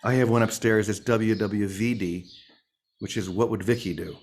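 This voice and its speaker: A man's voice: fairly low pitch, fairly even intonation, moderate pace, darkish tone, slightly rough. A man leading a morning spiritual session in a playful, humorous way, calling on listeners by name. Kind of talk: informal sermon.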